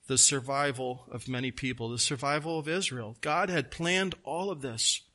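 A pastor preaching a sermon, slowing down to stress key words, with folksy asides. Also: male voice, mid-range voice, pushed and bright.

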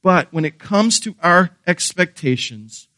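A man's voice: high-pitched, animated, measured pace, sharp tone, dry recording. A man preaching a sermon, earnest and emphatic, asking rhetorical questions and repeating key phrases. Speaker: pastor.

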